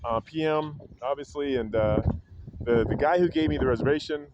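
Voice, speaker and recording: A man telling a story about a public library in a casual vlog, rambling with many restarts and acting out quotes in a higher voice. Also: normal speed, muffled recording, heavy background noise. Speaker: vlogger. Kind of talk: casual retelling of an incident.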